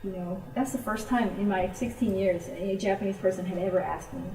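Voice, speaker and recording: A woman gives an informal talk to a church group in a lively storytelling way, now and then acting out what her friends said. Her voice is mellow and warm. She is recorded from a distance in a roomy space with echo. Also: medium pitch, brisk. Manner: storytelling, animated when quoting friends. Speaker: missionary speaker.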